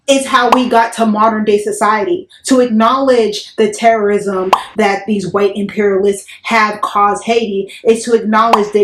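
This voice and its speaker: A woman podcast host giving pointed, lecturing commentary. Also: mid-range voice. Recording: echoey room with faint noise.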